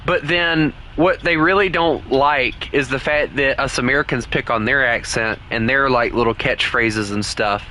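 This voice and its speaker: A man's voice: medium pitch, normal speed, few pauses, bright, forceful tone, slight background noise. A man with a Southern US accent giving rambling, casual commentary while playing a game. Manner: rambling, full of "like" and restarts. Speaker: gaming streamer.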